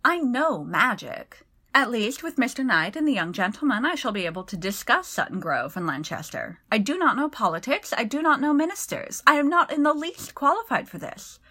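A man's voice: very animated, normal speed, bright, forceful tone, exaggerated voice. A woman doing a fretful young male scholar. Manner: fretful and flustered, rising in pitch. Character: anxious, earnest poor male scholar-magician.

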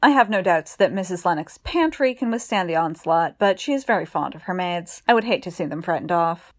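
A woman voicing a shy, earnest young gentleman magician in a read-aloud story, talking politely and hesitantly. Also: on the low side, animated, fairly quick. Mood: anxious.

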